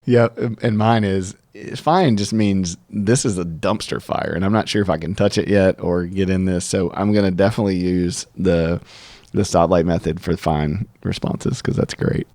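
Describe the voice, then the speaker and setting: A man's voice: low voice, moderate pace, dry recording. A man hosting an interview, chatting casually and acting out both sides of his stories. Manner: animated storyteller, acts out both sides. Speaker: podcast host.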